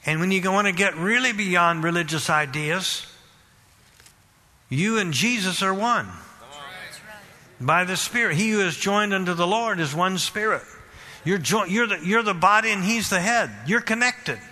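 High-voiced preacher man in reverb. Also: normal speed. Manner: fervent, repetitive, rising to loud exhortation. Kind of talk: sermon. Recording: long hall reverb.

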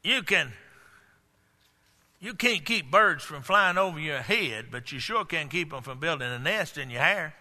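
A man preaching a sermon in a folksy manner, building up to shouted emphasis. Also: on the high side, animated, measured pace, long reverb tail.

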